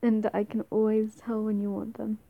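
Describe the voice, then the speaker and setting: A woman's voice: medium pitch, completely flat delivery, moderate pace, vocal fry, no echo, narrow, tinny audio. A young woman playing an affectionate, playful girlfriend in an audio role-play, giggling, teasing and stumbling over her words.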